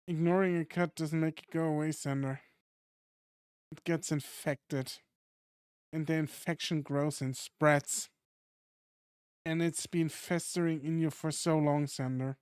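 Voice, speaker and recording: Drayden is a calm, earnest caretaker who soothes rather than scolds, as a man reads him. His voice is smooth and clear, taken slowly, and sits close and dry on the mic. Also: on the high side, no room sound, close to an everyday voice. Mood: soothing. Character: gentle, protective adult male caretaker in a fight league.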